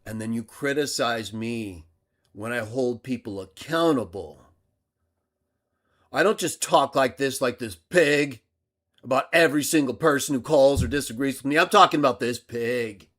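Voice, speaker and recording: A man hosting a livestream, delivering an aggressive rant that swings between loud outbursts and low muttering. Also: moderate pace. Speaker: livestream host.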